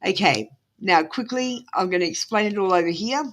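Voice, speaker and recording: A woman's voice: mid-range voice, animated, normal speed, fairly bright tone, slight background noise. An Australian woman on a live stream giving tarot readings, talking in a rambling, apologetic way with lots of ums. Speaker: tarot reader. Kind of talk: casual live-stream chat.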